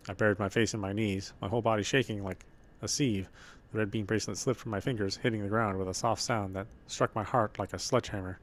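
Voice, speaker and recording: A man reading a game's story text aloud while playing, slow and heartfelt, with stumbles and restarts. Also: fairly low pitch, fairly even intonation, fairly bright tone. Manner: reads slowly with feeling, stumbles and restarts. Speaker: gameplay streamer.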